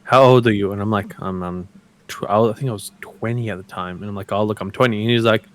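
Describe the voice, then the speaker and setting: A man's voice: fairly low pitch, steady tone, fast talker. A young man, telling laughing anecdotes in casual chat. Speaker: wrestler guest.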